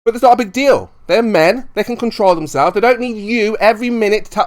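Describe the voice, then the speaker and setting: Insistent high-voiced man arguing. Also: a little fast, few pauses. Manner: insistent, repeats his questions. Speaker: live stream participant. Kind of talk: heated live voice-chat argument.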